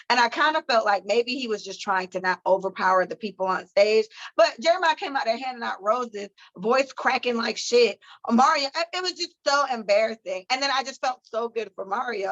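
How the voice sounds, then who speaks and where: A woman co-hosting a podcast, chatting casually with profane, animated storytelling. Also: on the high side, muffled recording. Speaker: podcast co-host. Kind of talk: casual chat.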